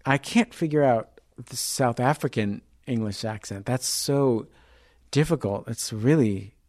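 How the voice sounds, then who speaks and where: A man's voice: medium pitch, measured pace. A man chatting as a guest in a casual interview. He is laid-back and hesitant, with frequent "um" and "like". He drops briefly into playful mimicry. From United States. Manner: relaxed, hesitant, fond of mimicking accents. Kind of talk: casual conversation.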